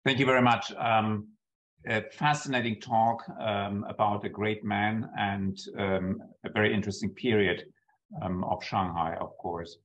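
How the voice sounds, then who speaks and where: A man's voice: lowish voice, steady tone, unhurried, a bit bright, lo-fi sound. A man moderating a seminar over a video call, reading out questions hesitantly with frequent ums.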